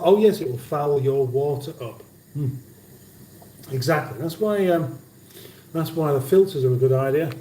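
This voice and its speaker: This is a man hosting a cooking livestream from his home kitchen. He talks slowly in a mellow, slightly high voice and reads viewer comments aloud with dry banter. The sound is roomy and picked up from a distance, with faint background noise. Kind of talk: casual livestream chat.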